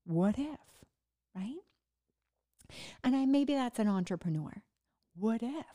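Slow, halting woman with a mellow voice. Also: fairly high pitch, expressive. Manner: halting, word-finding pauses and restarts, laughing at herself. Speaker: podcast host recovering from brain injury. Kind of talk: casual personal monologue.

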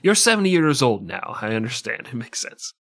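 A man's voice: mid-range voice, very animated, fairly quick, gravelly, fairly bright tone, slightly rough, no room sound. A man co-hosting a comedy history podcast, tossing off jokes and riffs with an easy laugh. His voice is close and dry, with no room sound. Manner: jokey, riffing, laughs often. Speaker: podcast co-host.

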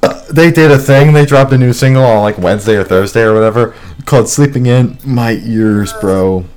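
A man's voice: mid-range voice, fairly quick, darkish tone. A young man co-hosting a podcast in casual chat, rambling, joking and swearing loosely. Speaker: podcast co-host.

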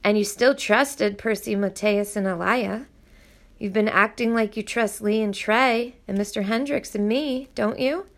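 Brief: a woman doing a calm, blunt, world-weary man, level and measured, gravelly. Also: mid-range voice, close to an everyday voice.

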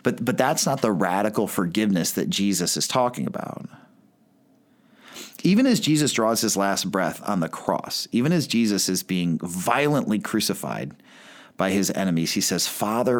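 A man with a deep, low-pitched voice delivers a sermon. He keeps it conversational, with plenty of "like" and self-corrections, as though chatting with his listeners rather than orating. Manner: conversational preaching with frequent "like" and restarts. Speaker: pastor.

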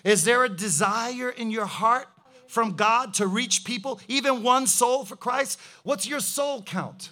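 A man's voice: extremely high pitch, measured pace, bright, forceful tone. A male pastor preaching a fervent sermon, firing rhetorical questions and hallelujahs.

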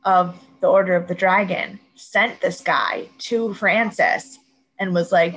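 A woman's voice: lowish voice, slow pace, rough recording. A woman co-hosting a podcast, casually recapping a TV episode and acting out what the characters said. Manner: animated retelling, quoting characters. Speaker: podcast co-host.

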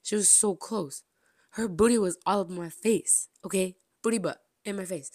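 A young woman hosting a podcast, telling a story with gushing, dramatic delivery, repeating phrases and swinging between loud exclamations and hushed asides. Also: medium pitch, moderate pace, no echo, clean studio sound. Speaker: podcast host. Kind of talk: excited storytelling to listeners.

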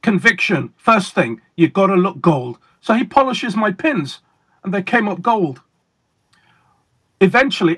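Magician guy on an interview, fairly high husky voice, takes his time, leans on words. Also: bright, forceful tone. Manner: deliberate, emphatic, pauses for effect. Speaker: guest magician. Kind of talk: casual interview storytelling.

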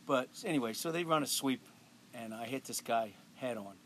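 A man's voice: medium pitch, normal speed, noisy background. A middle-aged man, a guest, telling old football stories with mock quotes and swearing. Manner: storyteller who builds with mock quotes and swearing. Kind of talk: casual storytelling among old friends.

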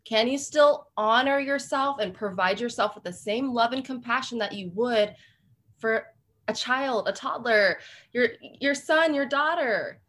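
A woman's voice: a little high, unhurried, fairly bright tone. A woman hosting a podcast, affirming her guests' ideas and laughing often as she talks. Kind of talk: reflective podcast conversation.

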